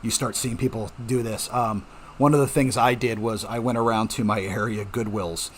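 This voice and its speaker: A man's voice: fairly low pitch, steady tone, moderate pace, a little hiss or hum. A middle-aged man hosting a home mining channel, talking casually and reassuringly to viewers and checking in with them often. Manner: chatty, reassuring, frequent "okay?" check-ins. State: coughing at times. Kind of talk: casual explanatory talk to viewers.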